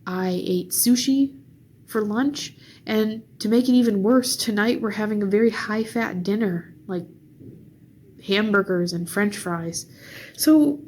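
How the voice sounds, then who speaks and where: A tired young woman in a casual vlog, venting slowly between sighs about a rough day on her diet. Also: medium pitch, darkish tone, a little hiss or hum. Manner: slow, weary, sighing. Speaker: vlogger.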